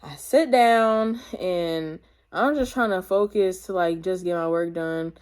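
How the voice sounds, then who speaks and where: In a smooth, darkish, lowish voice and an unhurried pace, a teenage girl vlogs a personal storytime testimony. Her casual slang and rambling are full of fillers as she talks to her viewers.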